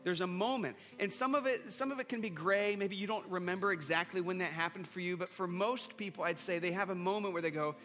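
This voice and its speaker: High, bright-voiced pastor in a reverberant hall. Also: male voice, brisk, few pauses. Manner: earnest, repeats a refrain, leads a prayer line by line. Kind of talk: sermon with altar call. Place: church hall before a congregation. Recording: long hall reverb with soft guitar.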